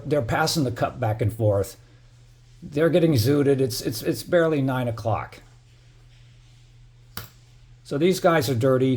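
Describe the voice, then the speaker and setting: Talking over security footage from his building, a middle-aged vlogger speaks in a mellow, mid-range voice. The tale is angry and profane, stuffed with "you know" fillers.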